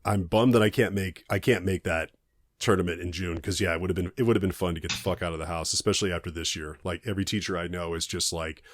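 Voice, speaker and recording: Deep-voiced swearing male podcast host. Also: fairly even intonation, fast talker, dry recording. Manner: profane, enthusiastic, laughs often. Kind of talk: casual podcast chat.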